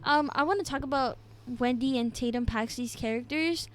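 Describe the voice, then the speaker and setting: A young woman with a slightly high voice talks through a casual podcast recap. She is chatty and giggly and fills her pauses with ums and little hedges. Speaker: podcast co-host. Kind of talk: casual wrestling recap chat.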